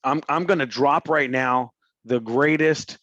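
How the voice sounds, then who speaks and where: A man talks real estate in a loose, slangy coaching style. He slips into little acted phone calls as he goes. His voice sits at a middle pitch, and the recording is a bit muffled and dry. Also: unhurried, a bit bright, no echo. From Houston, Texas. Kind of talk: casual coaching talk.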